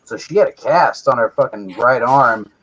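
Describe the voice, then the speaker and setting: A man's voice: mid-range voice, moderate pace, breathy edge. A man telling a long, profane story in casual chat, acting out the people in it as he goes. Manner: profane, animated retelling with acted quotes. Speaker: co-host. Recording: dull lo-fi stream audio.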